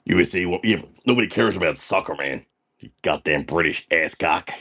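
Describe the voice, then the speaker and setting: Male comic as a deep-voiced, boastful, foul-mouthed stream character who says "man" constantly. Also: lively intonation, fairly quick, bright, forceful tone, slightly rough, exaggerated voice. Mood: brash. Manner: ends nearly every sentence with "man", brash and swaggering. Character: crude, boastful, foul-mouthed party dude. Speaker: livestream character host. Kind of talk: comedic livestream persona reading chat.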